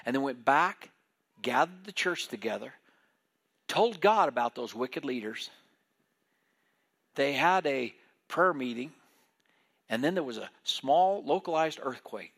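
A man delivering a sermon with animated energy. He drops into the voices of the people in his stories, retelling scripture as lively back-and-forth dialogue. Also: mid-range voice, measured pace, pauses often. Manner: animated preaching, acting out biblical voices in dialogue. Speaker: preacher.

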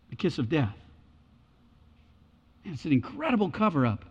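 Dramatic high-voiced male preacher. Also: huge pitch swings, normal speed, long pauses, husky. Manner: dramatic, acts out biblical voices. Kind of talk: sermon. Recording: echoey hall, dull lo-fi sound.

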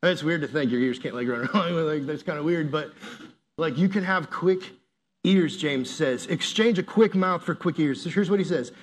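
A man's voice: a little high, normal speed. A man preaching a casual, jokey sermon, telling stories and laughing as he talks. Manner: animated, jokey storytelling with laughs. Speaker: youth pastor.

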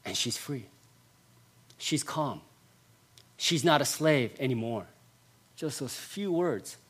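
A male pastor preaching a sermon, stressing points by repeating phrases and swinging between loud passages and hushed ones. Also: mid-range voice, lively intonation, slow, husky.

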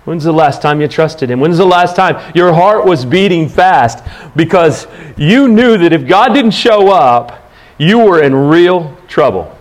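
A man preaching a sermon, asking the listeners questions and reading scripture aloud in an animated way. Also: on the high side, unhurried. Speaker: pastor.

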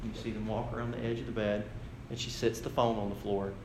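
A man's voice: flat delivery, quick pace, reverberant, background noise. A man, a pastor preaching a sermon in a conversational storytelling way. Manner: storytelling, conversational, shifting to low dramatic delivery.

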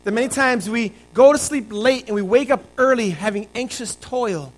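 A man's voice: very high voice, moderate pace, low-quality recording. A male pastor preaching a conversational sermon and telling stories to his congregation.

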